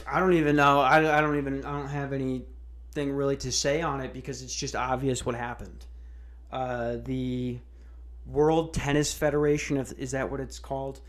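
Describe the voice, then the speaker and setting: A man hosting a podcast, ranting in a casual, sarcastic way with lots of swearing and restarts. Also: mid-range voice. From United States. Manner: profane, sarcastic, rambling with restarts. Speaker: podcast host. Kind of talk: casual comedic rant.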